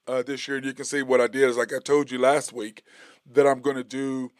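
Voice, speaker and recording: Chatty sports podcast host. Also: male voice, medium pitch, a little fast, dry recording, studio quality. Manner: animated storytelling, gets heated and loud when retelling a confrontation; rambling with frequent fillers and restarts. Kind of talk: casual solo sports talk.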